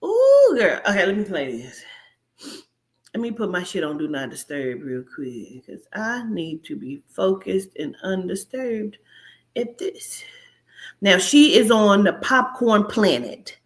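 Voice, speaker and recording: A woman's voice: on the low side, animated, measured pace. Brash, profane woman in her forties. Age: 40s. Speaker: commentary host. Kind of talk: casual reaction commentary.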